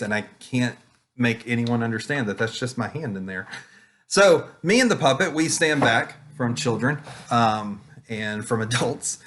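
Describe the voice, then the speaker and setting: A man's voice: mid-range voice, fairly bright tone, slight background noise. A man who runs children's ministry with puppets, giving a casual conference talk full of ums and restarts. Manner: rambling, many ums and restarts. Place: home online presentation.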